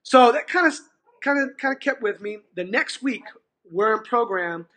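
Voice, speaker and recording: A middle-aged after-school program manager from California, USA, tells a story as a guest in conversation, animatedly acting out the quoted dialogue with many restarts. His voice is extremely high-pitched and moves at a moderate pace.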